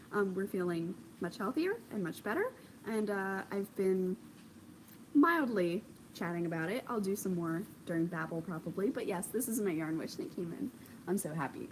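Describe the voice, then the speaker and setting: A woman's voice: mid-range voice, a little hiss or hum, poor audio. Gushing chatty woman knitting podcaster. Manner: gushing, chatty, many ums, bursts of excitement. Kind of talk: casual chat. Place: home craft corner, indoors.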